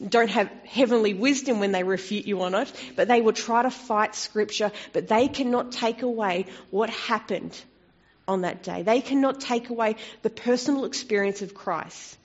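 A woman preaching a sermon in a conversational way, turning expressive when she quotes scripture. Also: medium pitch, normal speed. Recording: dull lo-fi recording.

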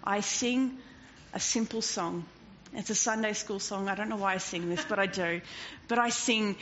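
A woman preaching a sermon in an animated way, swinging from loud to hushed and often laughing. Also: medium pitch, moderate pace. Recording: dull lo-fi recording with faint noise.

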